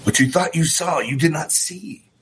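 Brassy, husky-voiced male livestream ranter. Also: on the high side, normal speed. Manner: animated, profane, acts out scenes in voices; talks to viewers directly, asks for thumbs up. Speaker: political commentary host. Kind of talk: livestream political rant.

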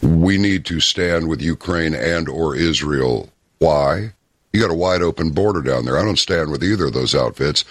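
A man hosting a talk show, telling stories and giving opinions in a folksy, unhurried way. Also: rumbling low, a bit bright, dry recording, clean studio sound. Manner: folksy, opinionated, storytelling with pauses. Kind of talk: casual talk radio commentary.

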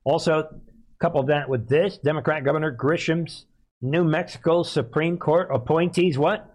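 A man hosting a political commentary show, talking emphatically, repeating himself and often clearing his throat. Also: on the high side, moderate pace, a little mellow, rough recording. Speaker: host.

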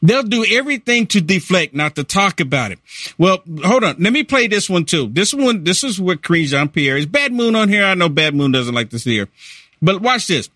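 A man with a high, bright, ringing voice talks politics in a lively, animated way. He laughs easily and throws his voice up when he acts out what others said. The sound is close and dry, with no room behind it. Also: fairly quick, no echo. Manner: animated, laughs often, acts out quotes with rising pitch. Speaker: political commentary co-host. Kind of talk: casual political talk show chat.

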